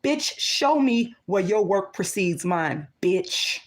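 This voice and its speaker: A woman's voice: mid-range voice, animated, takes it slowly. Angry profane woman livestreamer. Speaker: livestream host.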